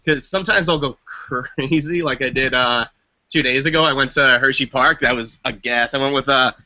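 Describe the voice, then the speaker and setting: A man's voice: medium pitch, normal speed, pushed and bright, dull audio. A man joining a live video chat as a guest, telling goofy stories in a chatty way. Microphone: video call.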